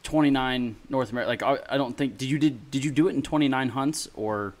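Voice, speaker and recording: A man's voice: medium pitch, fast talker. Easygoing man hosting a podcast. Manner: easygoing, joking. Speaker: podcast host. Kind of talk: casual chat.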